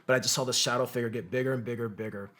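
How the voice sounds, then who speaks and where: Guy on a podcast telling a war story, swears a lot, mid pitched voice, acts out what his buddies said. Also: fairly even intonation, very fast, a bit bright. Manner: profane, vivid war storytelling; acts out quotes of others. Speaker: podcast guest, combat veteran. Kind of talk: storytelling in conversation.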